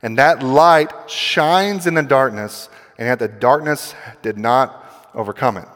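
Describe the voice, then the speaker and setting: A man's voice: mid-range voice, measured pace, a bit bright. A man preaching a sermon, explaining scripture in a conversational teaching manner and stressing quoted lines. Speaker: pastor. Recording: long hall reverb.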